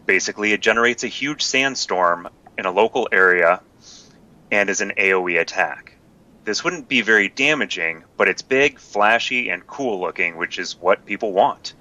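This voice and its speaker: Man, podcast guest host, low pitch, bright tone, steady email reading. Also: moderate pace, low-quality recording.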